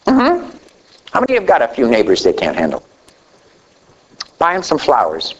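A middle-aged man preaching a sermon, telling a story with animated delivery that swings between loud emphasis and quiet asides. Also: moderate pace, muffled recording, slight background noise. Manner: animated storytelling preacher, rising to a near shout then dropping low.

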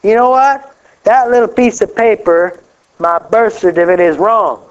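A middle-aged man from Kansas preaching a lively, joking sermon, reading scripture aloud slowly and with emphasis. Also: sits high, clear, resonant tone. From Kansas, USA. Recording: dull lo-fi live recording.

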